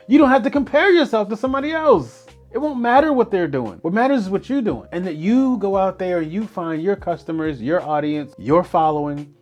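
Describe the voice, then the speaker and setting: A man hosting a motivational podcast, talking earnestly and in an animated way, often asking rhetorical questions. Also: high voice. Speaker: podcast host.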